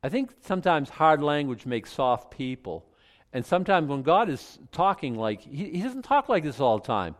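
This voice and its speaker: Emphatic male preacher, casual then loud. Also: a little high, very animated, normal speed. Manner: conversational preaching that swings to loud emphatic outbursts. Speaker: pastor. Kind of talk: sermon.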